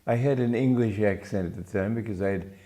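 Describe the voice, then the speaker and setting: Mellow-voiced man giving spiritual talk. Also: fairly low pitch. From Romania. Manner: gentle, unhurried, with small restarts. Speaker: spiritual teacher.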